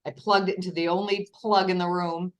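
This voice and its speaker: A woman with a fairly low speaking voice talks through her story in a loose, conversational way. She is chatty and laughs at herself, and she often restarts her sentences. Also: little pitch movement, a little fast. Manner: chatty, self-deprecating, acts out quotes. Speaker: guest sharing testimonial. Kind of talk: casual chat.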